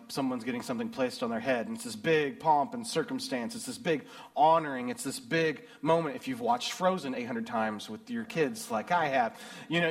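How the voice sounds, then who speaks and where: A middle-aged American man preaching a sermon and reading scripture, swinging between loud emphasis and hushed, low passages. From United States. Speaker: pastor.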